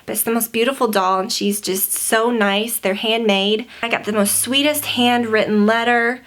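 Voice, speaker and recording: A woman's voice: fairly high pitch, fairly even intonation, normal speed, hardly any pauses, a bit bright. A pregnant woman in her twenties giving a casual, gushing vlog update at home, near tears and full of fillers. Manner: chatty, gushing, many fillers. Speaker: beauty vlogger.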